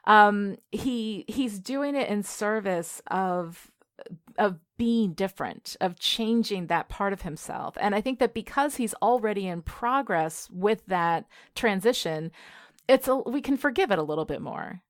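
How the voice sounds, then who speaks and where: A woman guest on a film podcast talks in an animated, conversational way. She leans on fillers like 'like' and 'you know', and her voice is recorded dry. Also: mid-range voice, measured pace, dry recording. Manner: animated, full of likes and you-knows. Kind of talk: casual film discussion.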